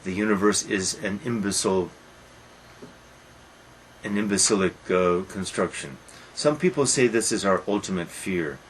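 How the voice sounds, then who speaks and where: A man with a lowish voice lectures on a play in a musing, emphatic way. He slows down and drops to a soft, low delivery when he reads quoted passages. A faint hiss runs under his voice. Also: low-quality recording. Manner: musing, emphatic, reads quotations slowly and softly. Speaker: literature lecturer.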